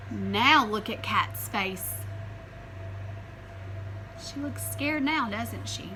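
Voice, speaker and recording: Woman, teacher, children's read-aloud, high voice, lively, slow and bright. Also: slight background noise, rough recording. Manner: animated, asks the listeners questions.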